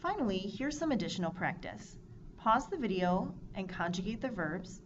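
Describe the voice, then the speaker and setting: A woman teaching a Spanish grammar lesson, explaining clearly and drilling verb forms in a measured, scripted way. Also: medium pitch, very animated. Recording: dull lo-fi recording with audible noise.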